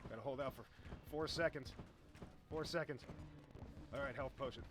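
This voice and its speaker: A man giving casual, chatty commentary over his own game, explaining as he plays and getting excited when the fight turns close. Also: mid-range voice, moderate pace, noisy background. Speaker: gaming YouTuber.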